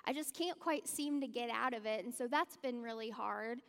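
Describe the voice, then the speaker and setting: A woman's voice: a little high, big-room sound, close to an everyday voice. A woman voicing a tired, down man chatting at a grill, speaking hesitantly with many fillers. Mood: weary, hesitant. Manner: hesitant, halting, full of fillers.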